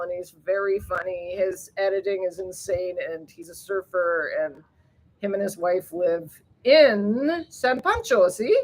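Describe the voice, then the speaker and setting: Her medium-pitched voice comes through poor audio as she reads viewer chat during a rambling live stream. She drifts from topic to topic, laughs often, swears casually, and leaps up in excitement whenever she greets someone by name.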